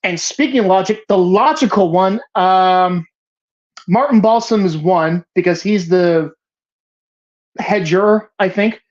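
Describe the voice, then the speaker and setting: A woman's voice: medium pitch, measured pace, a little mellow, dull audio. A woman hosting a casual movie discussion podcast, heated and profane as she rants. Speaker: podcast host.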